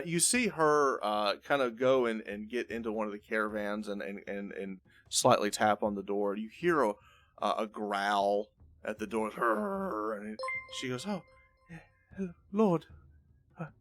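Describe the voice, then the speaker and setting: A man narrating a tabletop game as game master, with a halting, filler-heavy delivery. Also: lowish voice, fairly bright tone.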